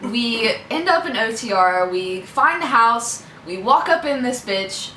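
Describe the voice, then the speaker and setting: Young woman, casual wry storyteller, bright tone, distant echoey recording. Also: fairly high pitch, animated, moderate pace. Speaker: co-host telling a story. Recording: echoey room, from a distance, faint noise.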